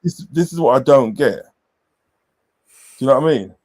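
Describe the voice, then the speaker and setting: A man's voice: medium pitch, animated, moderate pace, a little mellow. Rambling man. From southern England. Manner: rambling anecdotes with swearing and repeated filler phrases. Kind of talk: casual football chat.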